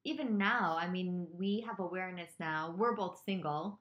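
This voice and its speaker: A woman's voice: on the low side, moderate pace, muffled recording. A woman co-hosting a podcast in casual chat, talking reflectively and rambling, with many fillers. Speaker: podcast co-host.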